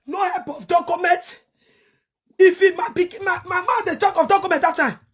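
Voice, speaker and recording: A middle-aged woman with a Nigerian accent and a strikingly high, piercing voice. She rants hotly at her viewers, curses freely and breaks into shouts every few phrases. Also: steady tone, a little fast, slight background noise. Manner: angry, cursing, shouts in bursts. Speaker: online show host. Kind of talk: heated rant to viewers.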